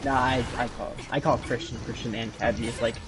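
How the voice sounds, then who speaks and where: Young man, voice chat, casual rambling, lots of fillers, mid pitch, faint music behind. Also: steady tone, a little fast. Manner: rambling, filler-heavy, laughs along. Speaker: friend in voice chat.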